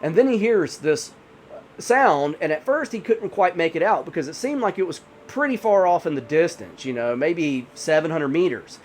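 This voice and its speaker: A man's voice: a little high, lively intonation, normal speed, slight background noise. A man telling a horror story in a casual, rambling way, full of "you know" fillers. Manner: rambling, many 'you know' fillers.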